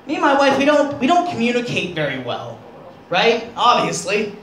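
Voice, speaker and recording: A man's voice: very high voice, wildly swooping pitch, normal speed, noisy background. A man doing crude, self-deprecating stand-up comedy on a club stage. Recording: roomy club sound from far off.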